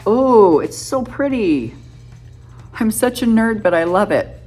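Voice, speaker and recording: A woman's voice: mid-range voice, animated, takes it slowly, warm tone, soft background music. A woman in her fifties, a beauty vlogger, chatting casually and a little self-deprecatingly as she talks through each step of her makeup tutorial.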